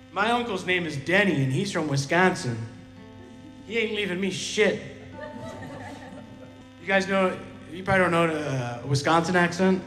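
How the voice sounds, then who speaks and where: A man's voice: sits high, moderate pace, pauses often, a bit bright. A man doing casual, profane, rambling stand-up banter on a live stage. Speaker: stand-up comedian and musician. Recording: live hall echo, music behind.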